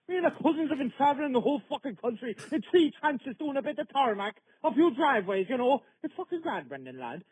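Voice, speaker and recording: A man leaving a voicemail in which he plays a brash, cocky Irish tarmac hustler with an Irish accent, swearing and talking fast. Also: extremely high pitch, no echo, low-quality recording. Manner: rapid, swearing, swaggering. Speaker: voicemail caller.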